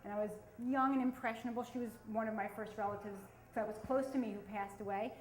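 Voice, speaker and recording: Animated high-voiced Philly woman storyteller. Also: fast, roomy sound, low-quality recording. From South Philadelphia. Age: 40s. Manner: animated, self-mocking. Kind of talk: live storytelling. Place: stage at a storytelling event.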